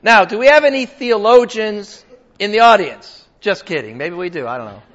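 Older guy preaching to his church, high voice, chatty and punchy, kinda muffled lo-fi sound. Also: lively intonation, moderate pace, a bit bright. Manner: conversational, emphatic, jokes with the congregation. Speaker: pastor. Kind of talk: sermon. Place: church hall with a congregation. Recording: dull lo-fi sound.

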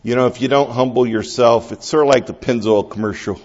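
A middle-aged man preaching a sermon as pastor, swinging between hushed, slow prayer and loud, high, excited exhortation. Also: muffled recording.

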